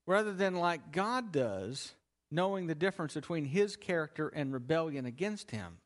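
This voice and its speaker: In this expository sermon, a man speaking at a normal speed, his voice a little high and his intonation lively, works through a Bible passage. He asks the congregation questions, supplies the answers, and emphasizes important words.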